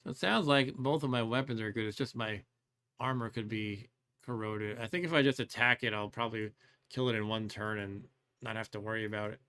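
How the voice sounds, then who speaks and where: A man's voice: lowish voice, a little fast, a bit bright, smooth. A man hosting a let's play, thinking aloud as he plays, musing and second-guessing himself with wry complaints and frequent chuckles. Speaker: host.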